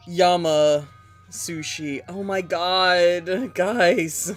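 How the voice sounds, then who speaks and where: Giggly streamer rambling through a story. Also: mid-range voice. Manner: rambling and giggly, with many fillers. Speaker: game streamer. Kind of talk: casual storytelling chat on a live stream.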